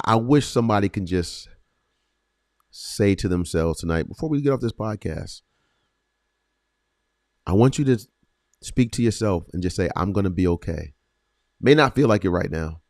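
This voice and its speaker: A man hosting a faith podcast, speaking earnestly with repeated phrases and slow, emphatic pauses. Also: low-pitched, no echo, clean studio sound. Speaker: podcast host. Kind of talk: encouraging faith podcast talk.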